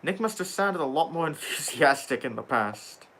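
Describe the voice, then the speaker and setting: A young man with a bright, forceful voice chats casually on a livestream. He reads viewer comments aloud and answers them with dry sarcasm and offhand swearing. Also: fairly high pitch, expressive, normal speed, slight background noise. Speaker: livestream host reading chat.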